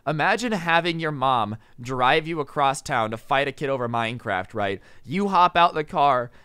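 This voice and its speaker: A young man telling a story in a casual vlog, rapid and animated, full of "like" and "you know". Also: mid-range voice, clean tone, no room sound, studio quality. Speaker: storytime vlogger.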